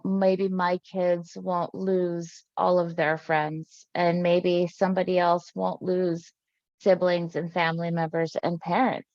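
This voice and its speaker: A woman's voice: on the low side, gravelly, a little mellow, no echo, highs cut off. A woman who works in harm reduction, sharing her story earnestly over a video call, often restarting her sentences. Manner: earnest, halting, many restarts.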